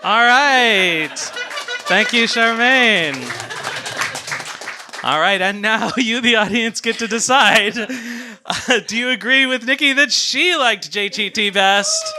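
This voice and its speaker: A man's voice: very high-pitched, slow, bright, forceful tone. A man hosting a live comedy game show, announcing the debaters and often laughing. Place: theater stage before a studio audience. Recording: live stage recording with audience noise.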